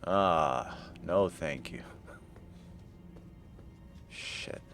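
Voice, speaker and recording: A man's voice: very deep voice, animated, extremely slow, fairly bright tone, faint music behind. A man streaming a game live, joking with his chat, swearing at misses and reading item text aloud. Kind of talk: live gameplay commentary.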